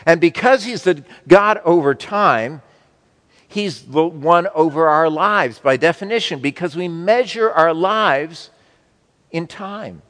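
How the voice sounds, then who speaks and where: A man preaching a sermon to his congregation, slow and emphatic, with wide swings between loud and soft. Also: fairly high pitch, animated, big-room sound. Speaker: pastor.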